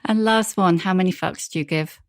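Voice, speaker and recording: A woman hosting a podcast, asking short questions and reading a brisk scripted sign-off. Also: lowish voice. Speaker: podcast host. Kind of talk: interview and podcast outro.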